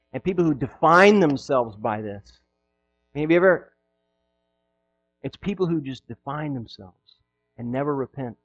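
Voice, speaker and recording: A pastor preaching a sermon, acting out quoted voices and swinging between loud exclamations and hushed asides. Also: male voice, medium pitch, animated, a little slow, gravelly, long pauses, dull audio, soft background music.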